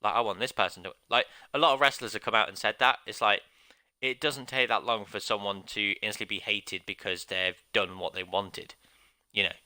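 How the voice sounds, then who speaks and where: A man's voice: fairly low pitch, fairly even intonation, moderate pace, bright, forceful tone, clear, resonant tone, dry recording. A man streaming a wrestling video game, talking in a rambling, opinionated way with many fillers. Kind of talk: casual rambling commentary.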